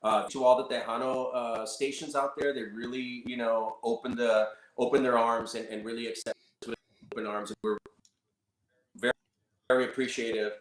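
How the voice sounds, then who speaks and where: A male musician guest in a casual interview, giving grateful thanks and shout-outs and often repeating words and ending phrases with "man.". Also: mid-range voice, little pitch movement, normal speed, reverberant, a little hiss or hum.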